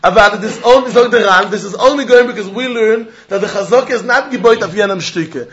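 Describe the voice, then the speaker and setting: Man, high voice, Talmud lecture, animated and argumentative, pointed questions, muffled lo-fi recording. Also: quick pace. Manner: animated, argumentative, mixing Yiddish and Hebrew terms into English; asks students pointed questions. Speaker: Talmud teacher.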